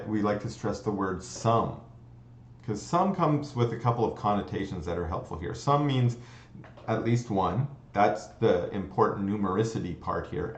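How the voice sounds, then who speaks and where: Deep-voiced man lecturing in a roomy space. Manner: explanatory, thinks aloud with frequent restarts and "okay?" checks. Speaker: computer science lecturer. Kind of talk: recorded lecture. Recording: dull, roomy lecture recording.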